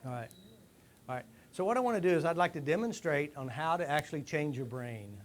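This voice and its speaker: Guy giving a lively talk to a rehab crowd, kinda high voice, faint room noise. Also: brisk. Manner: lively, asks the room questions, acts out stories. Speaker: speaker addressing a rehab group. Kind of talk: live motivational talk to an audience. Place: group room at a rehab center.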